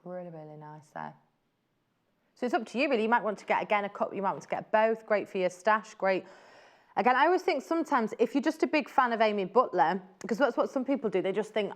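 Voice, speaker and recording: A woman hosting a live TV shopping segment, chattering warmly about each piece and breaking into delighted exclamations. Her voice sits at a middling pitch and she keeps the patter flowing in an easy, informal way. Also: expressive, quick pace. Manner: chatty and gushing, exclaims over fabrics. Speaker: shopping channel presenter. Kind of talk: live TV selling chat.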